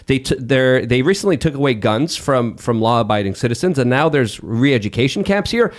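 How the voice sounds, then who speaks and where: A man's voice: medium pitch, lively intonation, fairly quick. A man co-hosting a podcast in casual chat, emphatic and reeling off grievances one after another. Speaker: podcast co-host.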